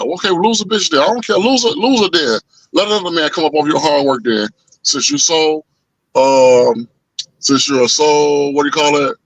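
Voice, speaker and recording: A man telling a story in casual chat, animated and profane, acting out the voices of the people in it. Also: a little high, brisk, no room sound, rough recording. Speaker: podcast co-host.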